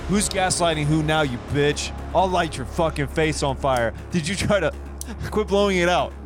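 A man's voice: on the high side, normal speed, over music, close to an everyday voice. A man as a hotheaded, crude boyfriend. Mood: ranting. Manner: crude, exasperated, swearing, needling. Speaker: comedian in a sketch. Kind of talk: improvised comedy sketch.

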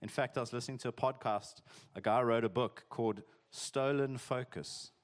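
A man's voice: mid-range voice, fairly even intonation, moderate pace. A man preaching a sermon in a conversational, jokey way, peppered with "like" and "eh". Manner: conversational, chatty, uses "eh" and "like", jokey asides. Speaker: pastor.

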